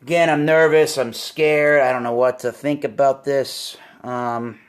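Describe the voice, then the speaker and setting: A man's voice: mid-range voice, flat delivery, unhurried. A man hosting a casual home beer review, talking animatedly and exclaiming at surprises. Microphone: phone or camera mic.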